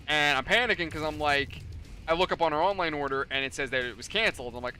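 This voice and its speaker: A man's voice: a little high, quick pace, bright, forceful tone, faint music behind. A man with a New York accent chatting casually during a game stream, telling rambling stories and swearing freely. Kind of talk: casual gaming chat.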